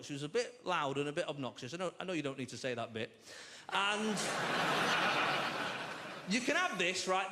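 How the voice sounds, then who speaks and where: A man's voice: high-pitched, very noisy. A man doing a chatty, self-mocking stand-up comedy routine on a large theatre stage, acting out voices. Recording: echoey theatre, loud audience.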